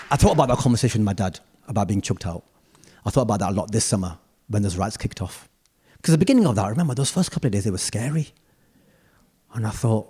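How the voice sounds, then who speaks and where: A man around forty with a British accent, performing live stand-up comedy in a theatre in a playful, animated way. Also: quick pace, long pauses, slightly rough, some chatter behind. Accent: British English. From United Kingdom. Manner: animated, playful, with sudden jumps in pitch. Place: large theatre stage.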